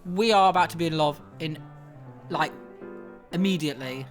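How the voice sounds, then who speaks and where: A woman playing through a game and reacting in excited, sweary bursts. Her voice sits a bit low, with faint game music behind her. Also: normal speed. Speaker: gaming streamer. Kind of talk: casual gameplay commentary.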